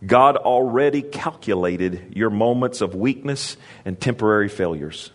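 A man's voice: animated, measured pace. Man preaching with call-and-response. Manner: call-and-response preaching, rises in pitch for emphasis; conversational asides and restarts. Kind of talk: sermon.

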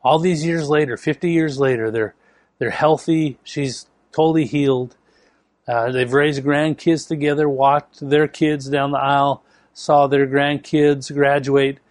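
A man's voice: on the high side, steady tone, unhurried, dry recording. A man preaching a sermon, telling a story with emphatic delivery. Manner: storytelling with acted quotes, emphatic.

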